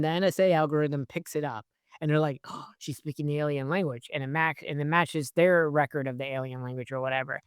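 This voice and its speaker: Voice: mid-range voice, a bit bright, clean tone, dry recording, clean studio sound. A movie reviewer giving a casual spoiler review, rambling and swearing, full of "like" and "whatever" asides. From based in New York.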